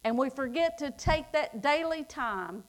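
A middle-aged woman preaching a sermon, reading scripture slowly and building to emphatic declarations. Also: sits high, animated.

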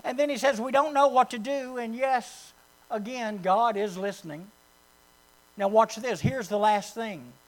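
Man preaching a sermon, pretty high voice, goes loud then drops real quiet, mains hum. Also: a little slow, rough recording. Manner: preaching with sudden swings from loud to hushed. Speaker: pastor.

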